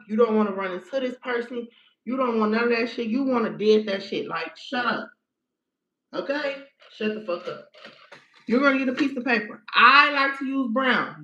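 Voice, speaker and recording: A woman's voice: medium pitch, pushed and bright. A woman giving blunt, profane, emphatic how-to instructions in a casual livestream. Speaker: spiritual practitioner. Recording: echoey room, dull lo-fi sound.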